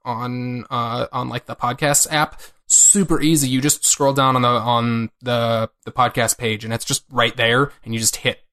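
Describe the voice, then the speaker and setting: A man co-hosting a podcast in a casual chat, pausing often with fillers and slipping in dry jokes. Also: medium pitch, flat delivery, pushed and bright, clear, resonant tone. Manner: hesitant, full of "uh" fillers, dry humor. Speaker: podcast co-host.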